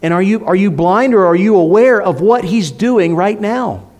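A pastor with a high voice gives an animated sermon at normal speed in church. He pushes his rhetorical questions up and louder, then sinks to near-whispers for effect.

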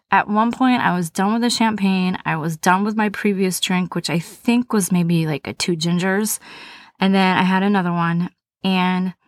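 A woman's voice: fairly low pitch, no echo, studio quality. A woman hosting a podcast, telling a personal story in a candid, conversational, self-deprecating way. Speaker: podcast host.

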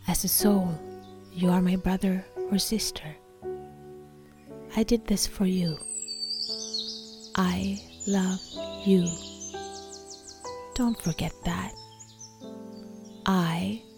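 A woman voicing Jesus as a gentle, loving male figure who speaks to the listener in a soft, slow, partly whispered way during a guided meditation. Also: fairly low pitch, creaky.

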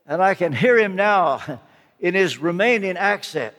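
A man's voice: high voice, lively intonation, normal speed, fairly bright tone. An older man preaching a sermon, telling a personal story in an earnest, emphatic way. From United States. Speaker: guest preacher. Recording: long hall reverb.

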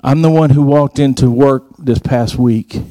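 Male preacher, storyteller, acts out dialogue, warm tone. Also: mid-range voice, unhurried, no room sound, studio quality. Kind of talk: sermon.

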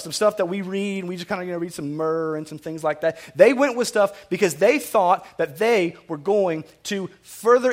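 A man preaching a sermon to his congregation in a conversational way, with asides, jokes and frequent restarts. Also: high-pitched. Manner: conversational, self-correcting and repetitive, with asides and humor. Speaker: pastor.

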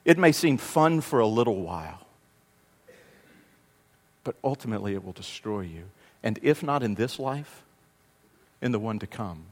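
A male pastor delivering a sermon, swinging between loud emphatic passages and hushed ones, with a conversational, self-deprecating humor. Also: lowish voice, lively intonation, moderate pace, pauses often, big-room sound. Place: church sanctuary.

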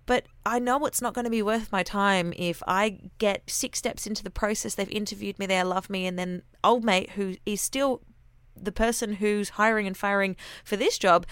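An Australian woman talks straight to the mic in a candid, chatty monologue, peppering her story with slang. Her voice is smooth and clean, and the recording is dry and close, with no room sound. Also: medium pitch, normal speed, fairly bright tone, dry recording. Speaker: radio announcer. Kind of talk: casual personal monologue.

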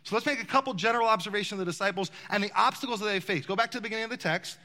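Racing through his sermon, a pastor with a high, pushed, bright voice asks rhetorical questions of his congregation. He is in a large church, and the recording carries a long hall reverb.

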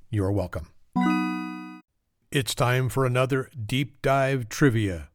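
A man hosting a solo trivia podcast, reading facts with joking, self-mocking asides. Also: on the low side. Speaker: podcast host.

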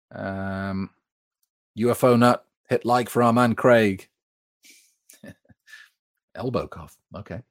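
A man's voice: medium pitch, dry recording, studio quality. A man hosting a live sobriety support stream, reading out viewer comments and answering them in a chatty way.

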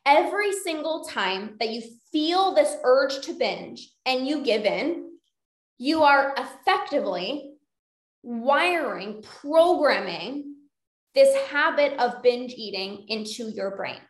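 A woman's voice: high voice, expressive, slow, reverberant. A woman hosting a solo podcast as a coach, chatting casually with many fillers and acting out inner voices. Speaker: podcast host and binge eating coach.

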